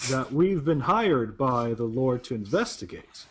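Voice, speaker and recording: A man voicing a stern male adventurer, speaking slowly and deliberately with a haughty edge. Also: mid-range voice, big pitch swings, fairly bright tone. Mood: suspicious. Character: stern male adventurer investigating, measured and suspicious.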